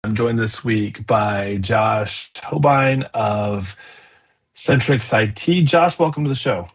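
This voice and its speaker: A man's voice: lowish voice, slow, slightly rough. Chatty male podcast host. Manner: chatty, rambling with fillers. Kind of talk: casual conversational podcast.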